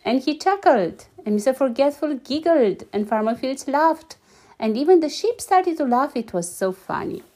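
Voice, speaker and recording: Warm, animated woman reading a storybook. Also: high-pitched, moderate pace. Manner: lively, animated reading with voices and giggles. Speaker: parent reading aloud.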